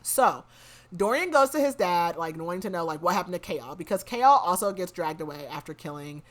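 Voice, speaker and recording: A woman's voice: lowish voice, animated, a little fast. A woman hosting a podcast, casually recapping a story in a rambling way full of "like". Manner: rambling, fills speech with "like". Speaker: podcast host.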